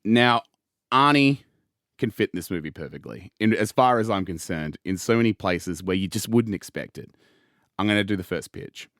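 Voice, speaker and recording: A man's voice: on the low side, lively intonation, normal speed, fairly bright tone, dry recording, clean studio sound. A man hosting a comedy podcast, joking around, laughing often and acting out bits. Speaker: podcast host.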